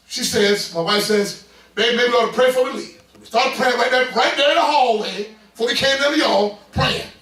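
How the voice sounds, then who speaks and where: A middle-aged man preaching a sermon as pastor, building into loud bursts and calling out to the congregation. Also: extremely high pitch. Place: church sanctuary. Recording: echoey church from far off.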